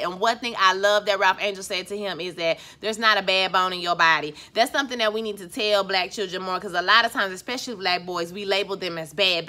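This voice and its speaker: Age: adult. Sex: woman. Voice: very bright and crisp, a little higher than most women. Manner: chatty, emphatic recap talk aimed straight at the viewers. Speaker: TV recap vlogger; schoolteacher.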